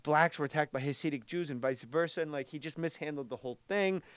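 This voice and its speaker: A man, a comedian, telling rapid animated anecdotes and acting out other people's lines in a radio studio. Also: on the high side, dry recording. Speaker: comedian guest. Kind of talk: animated storytelling with impressions.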